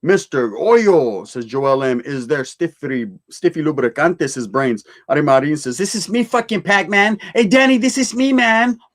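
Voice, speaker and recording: A man hosting a casual livestream, reading out viewer comments in laid-back street slang sprinkled with Spanish words. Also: on the high side.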